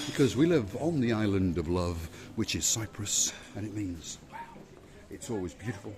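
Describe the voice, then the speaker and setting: A man's voice: lowish voice, expressive, normal speed. Chatty man giving a hotel tour. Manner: chatty, playful, theatrical. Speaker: vlog host. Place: outdoors and indoors at a hotel.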